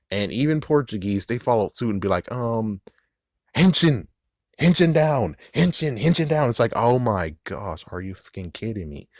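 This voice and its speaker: A man's voice: medium pitch, no echo, clean studio sound. A man talking to camera in a casual, rambling rant, swearing freely, laughing and acting out quotes along the way. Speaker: video creator.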